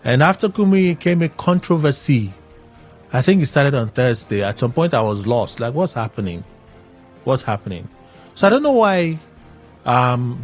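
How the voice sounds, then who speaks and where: A man hosting a radio show, recapping in an animated, exclaiming way. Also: mid-range voice. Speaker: radio host. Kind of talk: casual radio commentary.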